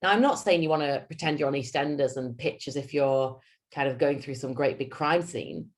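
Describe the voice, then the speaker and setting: A woman with a Yorkshire accent giving a lunch-and-learn talk as a public speaking coach, animated and theatrical, her voice swinging up and down. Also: a bass voice, brisk.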